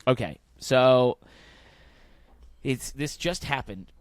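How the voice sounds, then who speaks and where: A man co-hosting a motorsport podcast in casual chat, rambling and thinking aloud, growing animated when he rants. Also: medium pitch, takes it slowly, clear, resonant tone, dry recording, studio quality. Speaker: podcast co-host.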